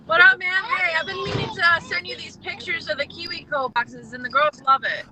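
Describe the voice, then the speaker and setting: A woman's voice: extremely high pitch, steady tone, brisk. A woman chatting on a phone call from a moving car, casual and playfully reluctant. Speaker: guest. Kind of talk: casual chat. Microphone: phone on a video call. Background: car noise.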